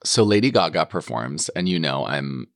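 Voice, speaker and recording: Young male podcast co-host, very low voice, dry studio sound, playful and gossipy. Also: very animated, moderate pace, no echo. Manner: playful, gossipy, lots of "like" and voice jumps into high quoted asides. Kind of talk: casual comedic chat.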